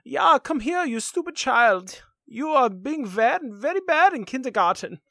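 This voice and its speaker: A man doing a gruff German schoolteacher who scolds a naughty kid. His fake accent is deliberately bad and comic, pitched high, and the sound is dry with no room echo. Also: very animated, fairly bright tone, heavily acted. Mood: scolding. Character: gruff male detention teacher, German accent.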